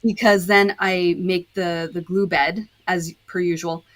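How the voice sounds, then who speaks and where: A woman's voice: lowish voice, fairly even intonation, measured pace. A woman guest on a podcast, explaining her dyeing process step by step in a casual chat, with frequent fillers. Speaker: podcast guest, disc dyer.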